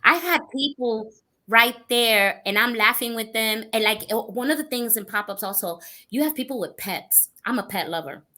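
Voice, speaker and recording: A woman co-hosting a casual podcast chat, telling animated anecdotes and laughing often. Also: on the high side, moderate pace. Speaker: co-host.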